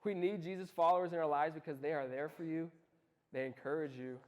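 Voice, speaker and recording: A young man giving a casual youth sermon, telling lively stories and asking his listeners direct questions. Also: fairly high pitch, brisk. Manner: lively storytelling, talks straight to the listeners. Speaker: youth ministry speaker.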